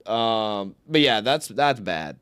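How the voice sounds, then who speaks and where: A man's voice: on the low side, expressive, slow, a bit bright, clear, resonant tone, dry recording. A young man streaming live, telling rambling, slangy stories and swearing often. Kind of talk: casual storytelling on a livestream.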